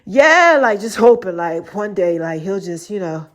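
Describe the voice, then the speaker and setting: A woman's voice: mid-range voice, sing-song, a little slow, fairly bright tone. A woman podcast host telling a faith testimony in a casual, slangy way, acting out the voices of people she quotes and laughing often. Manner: laughs often while talking.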